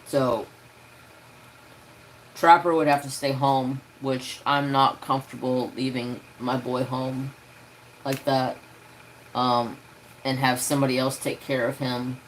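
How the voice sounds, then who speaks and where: A man chatting casually on his craft live stream. He rambles along slowly and easily, with plenty of fillers and an even, mid-range voice. A faint hiss sits behind him. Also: mid-range voice, poor audio. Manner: rambling, easygoing, with many fillers.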